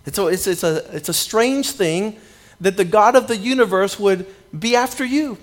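A man preaching a sermon and telling his own story, often repeating words at the start of his phrases and dropping low and quiet when he acts out his younger self. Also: normal speed. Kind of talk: sermon with personal testimony.

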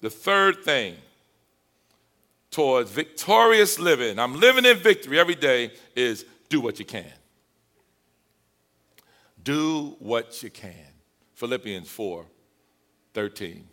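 A man's voice: mid-range voice, very animated, unhurried, bright, forceful tone. A male pastor preaching a sermon, leading call-and-response and joking with the congregation.

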